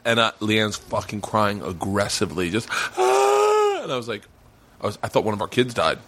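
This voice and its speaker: A man's voice: fairly low pitch, a little fast, slight background noise. A man hosting a podcast, chatting casually and telling stories with lots of swearing and acted-out quotes. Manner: animated storyteller, swears freely, acts out quotes loudly. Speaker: podcast host. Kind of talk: casual chat. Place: home mancave.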